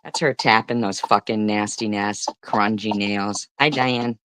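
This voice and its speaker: A woman's voice: rumbling low, fairly even intonation, unhurried, a bit bright, a little hiss or hum. Exasperated woman doing reaction commentary. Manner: exasperated, disgusted remarks. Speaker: commentary host.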